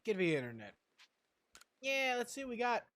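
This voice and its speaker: A man chats his way through a video game stream in a fairly high voice that swings up and down a lot. He rambles playfully, muttering to himself and cracking little jokes as he plays. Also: very animated, normal speed, a bit bright. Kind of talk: casual gameplay commentary.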